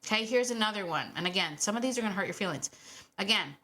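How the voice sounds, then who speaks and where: A middle-aged woman chats through her solo podcast in a bright, clear voice. She is animated and casual, often acting out what dogs might be thinking and laughing as she goes. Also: mid-range voice, quick pace. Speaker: podcast host and dog trainer.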